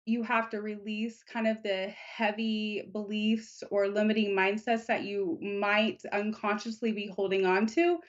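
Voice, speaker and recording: A woman giving a live psychic reading, speaking in a gentle, unhurried, reassuring way. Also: medium pitch, flat delivery, lo-fi sound. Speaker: psychic reader.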